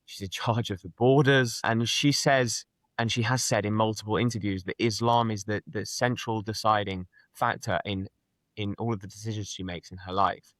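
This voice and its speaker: A young London man talks as a guest in an interview. His voice is on the low side and dry, and he speaks earnestly, restarting phrases as he presses his points. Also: steady tone, moderate pace, a bit bright, dry recording. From London, England. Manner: earnest, emphatic, restarts a lot. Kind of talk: conversational interview.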